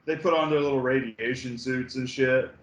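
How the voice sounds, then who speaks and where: A man co-hosting a casual movie review chat, laid-back and halting, with many fillers and swears. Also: mid-range voice, fairly even intonation, roomy sound, low-quality recording. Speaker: podcast co-host.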